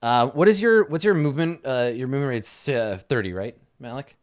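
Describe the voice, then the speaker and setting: A man's voice: medium pitch, lively intonation, brisk, dry recording, studio quality. A man running a tabletop game as game master, talking casually and thinking aloud as he sets rules.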